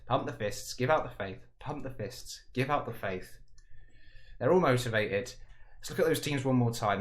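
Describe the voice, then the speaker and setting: Excitable man calling game football. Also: medium pitch. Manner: excitable, swells to shouts at goals; chatty, jokey asides. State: voice cracking from excitement. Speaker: game commentator.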